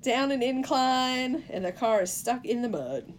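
A woman's voice: high voice, lively intonation, measured pace, slight background noise. A woman co-hosting a podcast, retelling a film's plot in casual chat and acting out the characters' quoted lines. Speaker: podcast co-host. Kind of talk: casual movie recap.

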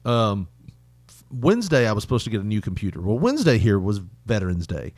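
Guy ranting about lost packages, cusses a lot, laughs a ton, pitch all over, dry mic. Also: very animated, brisk, darkish tone, no echo. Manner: profane, laughing storyteller who mimics voices. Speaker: podcast co-host. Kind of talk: casual chat.

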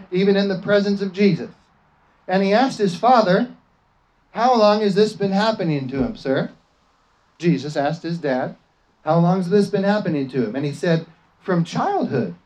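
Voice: medium pitch, darkish tone, dull audio. A preacher giving a fervent sermon, often asking the congregation for an amen and slipping into acted quotes.

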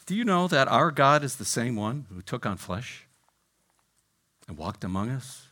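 Animated preacher, loud to near-whispers. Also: male voice, mid-range voice, a little slow. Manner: dramatic swings from loud exclamations to hushed near-whispers; repeats "right?" and "I mean" to engage listeners. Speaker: pastor. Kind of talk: sermon.

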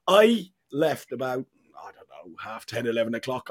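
A man's voice: mid-range voice, big pitch swings, moderate pace, husky. A man with an Irish accent hosting a football podcast, chatty and full of laughter. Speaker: podcast host. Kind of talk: casual football chat.

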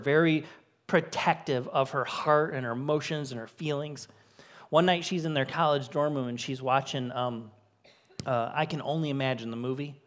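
High-voiced earnest male pastor preaching. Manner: earnest, emotional storytelling with rising emphasis. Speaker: co-lead pastor. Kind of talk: sermon with personal stories. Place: church stage before a congregation.

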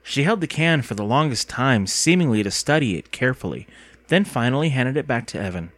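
Guy reading a spooky kids' book aloud, lots of up and down in his voice, mid pitch. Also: a little fast, no room sound. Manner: expressive storytelling. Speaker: narrator. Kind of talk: audiobook narration.

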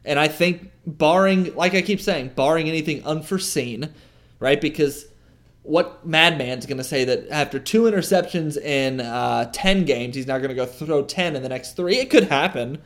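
A man's voice: fairly high pitch, normal speed, a bit bright. A man co-hosting a sports podcast, talking in a rambling, argumentative casual style. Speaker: podcast co-host.

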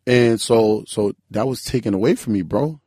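A man in his twenties telling a story in loose casual chat, animated and full of "bro" and "like". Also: fairly low pitch, normal speed, no echo, clean studio sound. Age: 20s. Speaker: podcast guest.

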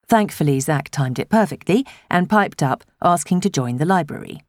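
A woman reads a novel aloud in a low voice, with a lively, rolling melody. Her storytelling is expressive and measured. The sound is dry and close, with no room echo. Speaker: audiobook narrator. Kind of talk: scripted narration.

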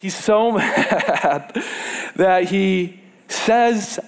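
A man preaching a casual sermon, retelling a Bible story with lively repetition and sudden drops from loud to hushed. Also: high voice, takes it slowly. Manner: animated storyteller, repeats words for emphasis, swings between loud and hushed; casual and conversational, with fillers and self-corrections.

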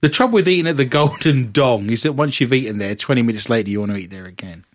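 A man's voice: medium pitch, quick pace, a little hiss or hum. A man co-hosting a comedy podcast, trading dry wisecracks in casual banter. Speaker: podcast co-host. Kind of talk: jokey banter.

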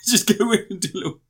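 A man's voice: very high voice, a bit bright, husky. A young man co-hosting a podcast, chatting about video games, swearing freely and laughing often. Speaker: podcast co-host. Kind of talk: casual chat.

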